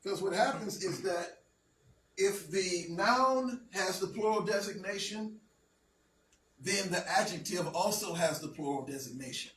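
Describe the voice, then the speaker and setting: A man with a fairly high voice gives a slow, patient classroom lesson, often stopping to ask if everyone follows. He stands away from the mic in a roomy space with a faint hiss behind. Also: a bit bright. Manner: patient, checks understanding with frequent "okay?". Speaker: teacher. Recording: roomy, distant, faint background noise.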